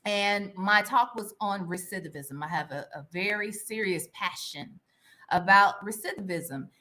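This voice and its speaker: A woman with a medium-pitched, bright, forceful voice speaks unhurriedly while hosting a casual livestream. She greets viewers by name, often ends lines with "all right?", and occasionally lowers to a whisper for gossip.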